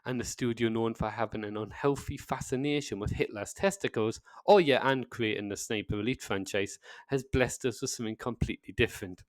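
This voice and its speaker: Brief: northern English man, wry scripted narrator, mid-pitched, dry close mic. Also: fairly quick, few pauses, no echo. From north of England. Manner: sardonic, sarcastic asides. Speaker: video essayist.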